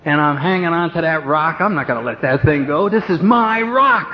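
A man speaks to a meeting in a fairly high voice, telling his story with self-mocking humor and acting out the voices of people he quotes. The recording is dull and lo-fi, with clear noise underneath. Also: expressive, moderate pace, in a large hall. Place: meeting room with an audience.

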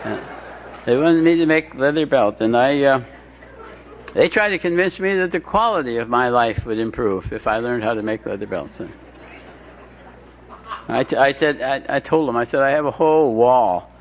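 A man's voice: medium pitch, animated, normal speed, pauses often. A man telling his recovery story with wry, self-deprecating humor, often stumbling and restarting his sentences. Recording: dull lo-fi recording with faint hiss.

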